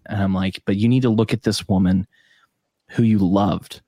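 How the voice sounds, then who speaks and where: A man's voice: lowish voice, fairly even intonation, normal speed, mellow, no echo, studio quality. A man hosting a podcast, chatting casually in a rambling, jokey way and laughing often. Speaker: podcast host.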